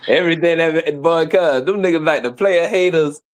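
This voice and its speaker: A man's voice: a little high, normal speed. Man, stream guest, boxing chat, laid-back, slangy, laughs a lot. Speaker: co-host guest.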